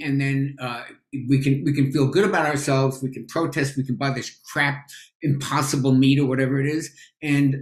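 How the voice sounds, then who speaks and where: Emphatic New York man in an echoey room. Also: mid-range voice. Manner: emphatic, opinionated. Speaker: podcast guest, nutrition expert. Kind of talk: casual podcast chat.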